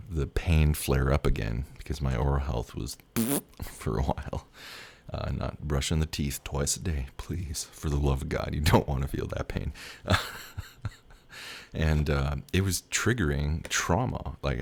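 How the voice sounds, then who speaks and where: A young man with an extremely low, gravelly voice tells a personal story in a loose, rambling way. He talks candidly as a tarot reader, laughs often and swears freely. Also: a little mellow.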